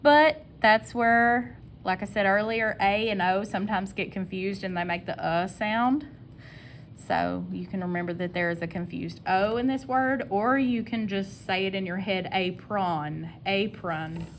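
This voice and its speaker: A woman with a Southern American accent teaching a phonics spelling lesson. She sounds words out slowly and repeats each sound patiently, with an encouraging tone. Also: medium pitch, a little hiss or hum.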